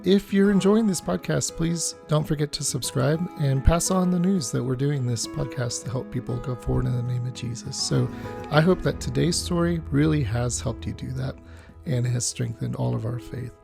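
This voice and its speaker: A woman hosting a faith podcast, giving its closing remarks with a gravelly sign-off. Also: extremely low pitch, moderate pace. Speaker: podcast host. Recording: guitar music playing behind.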